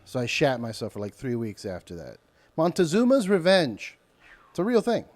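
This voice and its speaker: A man guesting on a podcast, telling a story in a loose, animated way and acting out other people's voices. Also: mid-range voice, moderate pace. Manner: animated, acts out voices and yells mid-story. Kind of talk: casual storytelling.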